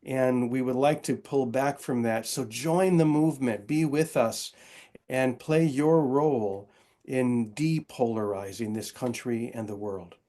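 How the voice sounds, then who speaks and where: A man speaking as a podcast guest in an earnest, reflective tone, with a mid-range pitch. He often restarts his phrases mid-thought as he explains things. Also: a little slow, warm tone. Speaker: guest, author and Episcopal priest. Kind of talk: casual interview conversation.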